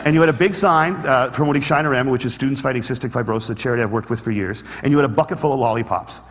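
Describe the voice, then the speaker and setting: Fast-talking man in a reverberant hall. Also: mid-range voice, a little hiss or hum. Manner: earnest, humorous storytelling. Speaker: public speaker. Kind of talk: motivational stage talk. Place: large hall with an audience.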